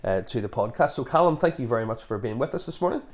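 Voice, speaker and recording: A man's voice: mid-range voice, expressive, quick pace. A man with a Northern Irish accent co-hosting a podcast, chatty and hesitant with many fillers. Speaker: podcast co-host. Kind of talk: casual podcast chat.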